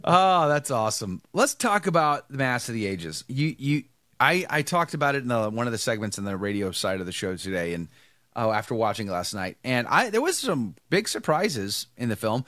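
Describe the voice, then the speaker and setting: Animated male livestream host. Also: medium pitch, normal speed, no echo, clean studio sound. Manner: animated, greets viewers by name. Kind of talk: livestream greetings and chat.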